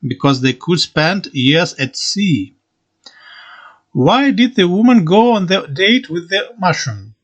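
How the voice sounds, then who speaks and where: A man hosting a joke podcast, reading one-liners in a slow deadpan way with occasional slips and restarts. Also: sits high, highs cut off.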